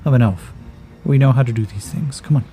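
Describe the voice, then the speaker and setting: A man voicing Micah, a steady protective elf. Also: medium pitch, a little fast, faint music behind, close to an everyday voice. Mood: urgent. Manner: firm, coaxing, patient. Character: steady male elf warrior, calm and protective.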